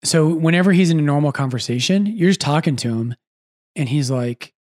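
Animated priest talking fast. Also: male voice, fairly high pitch. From United States. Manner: animated, quick asides, self-correcting. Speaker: priest and podcast host. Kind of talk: casual podcast chat.

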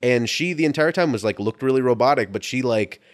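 A man hosting a casual chat, telling a story with animated energy, swearing freely and often restarting his sentences. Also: medium pitch, brisk.

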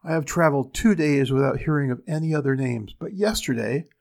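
A man's voice: mid-range voice, lively intonation, fairly quick, creaky, a little mellow. A man doing a weary royal messenger. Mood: recounting.

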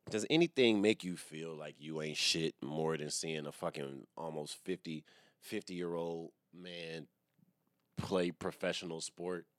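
Low-voiced rambling podcast comedian, a man. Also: measured pace, no echo, clean studio sound. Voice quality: profane, rambling, slangy delivery. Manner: laughs at his own jokes. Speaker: podcast host and stand-up comedian. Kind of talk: casual solo podcast rant.

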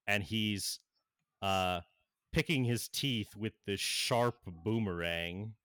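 A man's voice: on the low side, takes it slowly, fairly bright tone, clean tone, dry recording, clean studio sound. A young man narrating an online tabletop game as game master, rambling with many fillers.

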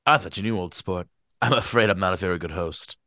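Man doing a formal young rich host, soft, low, hushed, bright, dry. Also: fast, dry recording. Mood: polite.

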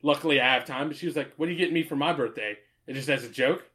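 A man's voice: medium pitch, racing, fairly bright tone. A man telling stories in casual chat, rambling and swearing freely, laughing often.

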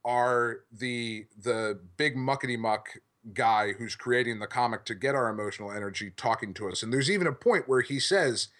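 A man's voice: mid-range voice, moderate pace, few pauses, fairly bright tone. A male podcast host in casual chat, rambling enthusiastically and swearing freely. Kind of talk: casual chat about comics.

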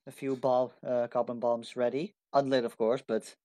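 A man's voice: mid-range voice, little pitch movement, moderate pace, dark tone. A man in casual tabletop game chat, using a slightly posh voice, eager and full of rules questions. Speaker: player.

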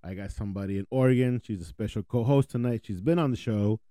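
A man's voice: lowish voice, quick pace, warm tone, no echo, studio quality. A man hosting a podcast in casual, slangy chat from the United States, laughing easily. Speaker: podcast host.

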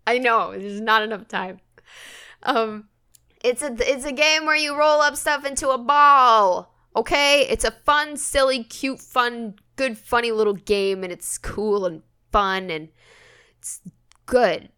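A woman's voice: on the high side, takes it slowly, sharp tone, clear, resonant tone. A woman co-hosting a podcast in casual banter, rambling and swearing offhandedly. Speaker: podcast co-host.

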